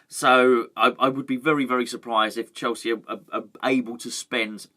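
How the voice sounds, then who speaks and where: Chatty man, bright rambling voice. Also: medium pitch, fairly even intonation, moderate pace. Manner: chatty and rambling, many fillers and restarts. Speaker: fan channel host. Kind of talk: casual football news chat.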